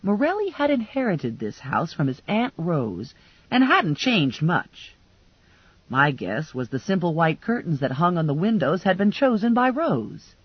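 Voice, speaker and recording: A woman narrating an audiobook in the first person, with measured storytelling and dry humor. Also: on the low side, breathy edge, no room sound. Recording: dull lo-fi dry recording.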